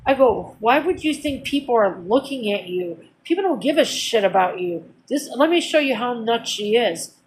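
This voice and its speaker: Woman, slightly high voice, casual vlog story, aggrieved, blunt, profane venting. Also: lively intonation, moderate pace, few pauses, a little hiss or hum, low-quality recording. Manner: heated, aggrieved venting with repeated phrases; blunt, profane everyday speech. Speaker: vlogger.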